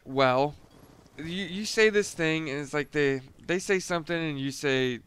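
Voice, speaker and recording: A man's voice: fairly high pitch, a little slow, a bit bright, clear, resonant tone. A young man casually retelling a boot camp story, loose and profane, chuckling now and then. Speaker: storyteller, former Marine recruit.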